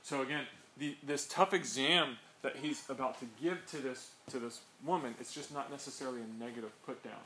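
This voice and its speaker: In an echoey room with faint background noise, a Bible teacher leads an informal study for a small group, chatting away and sprinkling in "right?" asides. His voice is medium in pitch, bright and forceful, and he speaks a little fast with few pauses.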